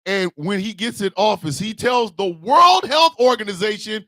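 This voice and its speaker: A man ranting comedically as a show host, loud and animated with shouted bursts. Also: high voice, normal speed, no echo, studio quality. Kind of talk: comic rant.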